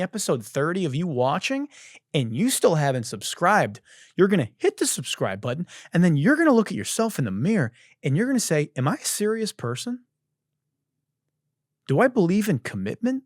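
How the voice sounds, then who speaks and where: Animated, swearing male podcast host. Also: fairly high pitch, brisk, dry recording, studio quality. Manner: animated, profane ranting. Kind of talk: comedic monologue.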